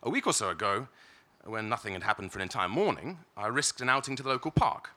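British male reader, lowish pitch, bright and forceful tone, wry measured literary narration. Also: lively intonation. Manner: wry, measured, first-person narration with occasional stumbles. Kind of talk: reading literary fiction aloud.

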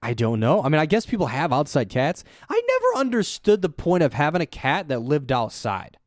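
A young adult man chatting casually as a podcast co-host, swearing often and rambling, with excitable jumps in pitch. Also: fairly quick, dry recording, clean studio sound. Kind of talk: casual chat.

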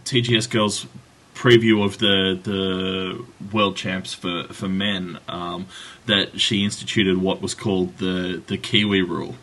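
A man's voice: low-pitched, little pitch movement, unhurried, fairly bright tone. A man co-hosting a podcast in casual chat, wry and teasing. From Australia. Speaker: podcast co-host.

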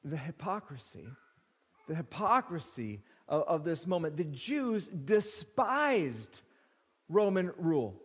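High-voiced preacher man in a reverberant hall. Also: very animated, slow, breathy edge. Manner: emphatic, repeats phrases for stress. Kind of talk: expository sermon.

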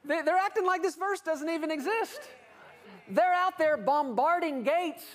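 High-voiced male preacher. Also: moderate pace. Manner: animated, rhetorical, with acted quotes. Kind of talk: sermon.

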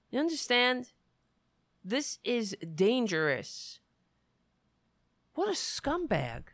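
Indignant woman ranting, bright animated voice. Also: a little high, no room sound, studio quality. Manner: indignant, profane, halting restarts. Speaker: vlogger reacting to a news clip. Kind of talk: angry reaction rant.

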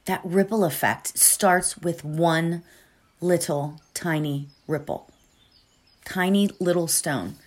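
An earnest woman talks in a slow, unhurried way as she leads into a meditation, her voice sitting fairly low. She often checks in with her listeners by asking "right?". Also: husky. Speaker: meditation guide. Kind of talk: reflective talk before a guided meditation.

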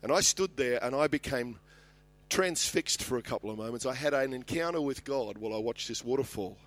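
A man's voice: mid-range voice, expressive, brisk, a bit bright. A middle-aged Australian man preaching a sermon as a pastor, passionate and building in volume when he reads scripture.

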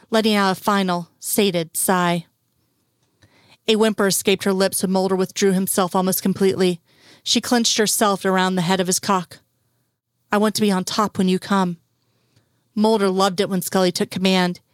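A woman reading fiction aloud in a steady, unhurried storytelling manner. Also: mid-range voice, no room sound. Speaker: reader.

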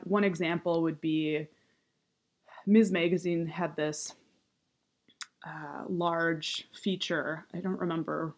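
Low-voiced and unhurried, this woman in her thirties, a writer and activist, rambles casually on her own. Vocal fry and rising inflections run throughout, and she leans often on fillers such as "um" and "you know."

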